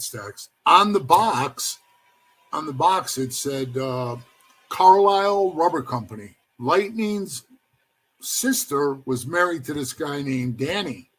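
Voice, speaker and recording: A man's voice: a little high, husky. A man telling a long story from his past in a casual interview, rambling and calling the listener "bro" as he acts out what others said. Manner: rambling, says "bro" often, acts out quoted voices. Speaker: former motorcycle club member telling his story.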